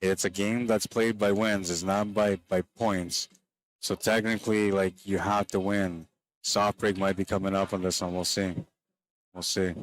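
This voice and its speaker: Calling a pool match live, this commentator keeps things relaxed and chatty, talking directly to the stream audience. It's late in the day and he's a bit worn down, his fairly low voice caught in a dry recording.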